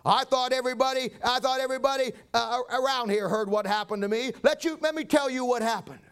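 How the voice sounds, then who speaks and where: A man's voice: extremely high pitch, fairly even intonation, brisk, fairly bright tone, smooth. A man voicing an old blind beggar who is testifying with fervent joy. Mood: eager. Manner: fervent storytelling, crying out.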